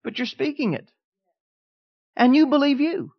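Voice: high-pitched, very animated, unhurried. A preacher delivering a sermon, who repeats declarations with building emphasis and asks the congregation questions. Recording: dull, lo-fi sound.

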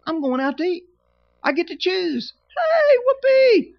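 A woman's voice: sits high, normal speed, vocal fry, no room sound, voice pushed up. A man preacher voicing his own wife in a playful, teasing aside, on a dull, dry recording. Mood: gleeful. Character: pastor's wife, cheerful and confident.

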